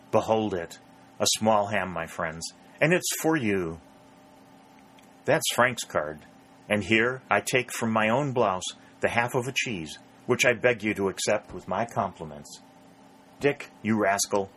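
A man's voice: on the low side, a bit bright, a little hiss or hum. A man reading the lines of a jovial Union soldier in a storybook, teasing his friends playfully.

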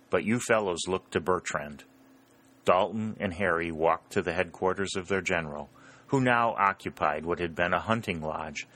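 A man with a very low voice narrates a historical novel. His reading is steady, and the characters' dialogue comes out a little higher. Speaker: audiobook narrator. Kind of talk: scripted narration.

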